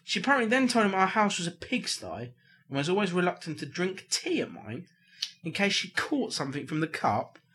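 A man's voice: sits high, sing-song, a little fast, fairly bright tone, slightly rough. A man co-hosting a casual podcast, reading out problem letters with a jokey, laughing delivery.

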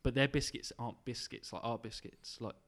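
A man's voice: medium pitch, steady tone, brisk, fairly bright tone. A young man chatting casually on a podcast, rambling through stories and laughing often. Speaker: podcast host. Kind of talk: casual chat among friends.

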